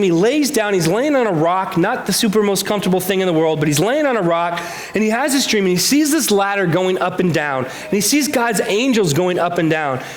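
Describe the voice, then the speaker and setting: A man's voice: high voice, echoey room. A man preaching a sermon in church, talking conversationally and asking rhetorical questions. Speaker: pastor. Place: church sanctuary.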